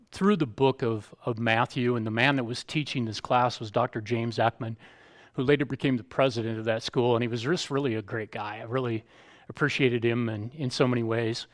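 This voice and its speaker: A male pastor, preaching a sermon in an emphatic, conversational storytelling way. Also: mid-range voice.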